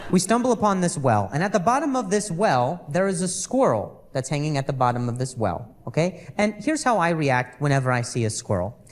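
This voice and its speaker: On stage at a live stand-up set, a male comedian with a fairly high, very animated voice delivers his material haltingly, repeating words and humming between phrases.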